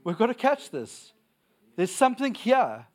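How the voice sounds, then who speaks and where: A man's voice: high voice, sing-song, unhurried. A young man preaching a sermon, repeating lines for emphasis and telling stories with laughter.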